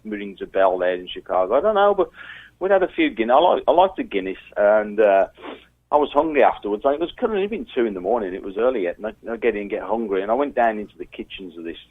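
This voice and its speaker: A man's voice: lowish voice, fast talker. A man telling road stories as a guest, acting out quotes and voices as he goes. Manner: animated storyteller, acts out quotes with a raised voice. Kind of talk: casual storytelling chat. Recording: tinny phone line.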